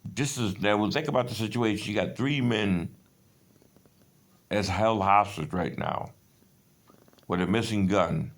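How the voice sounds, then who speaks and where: A man's voice: lowish voice, unhurried, long pauses. A man in his fifties in a rambling personal monologue, agitated and profane, jumping between stories. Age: 50s. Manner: agitated, profane, digressive storytelling.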